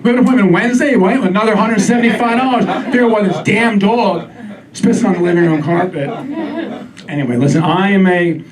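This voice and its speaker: A man doing a stand-up comedy set on a club stage, wry with deadpan asides. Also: high voice, fast. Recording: distant mic, live crowd laughter.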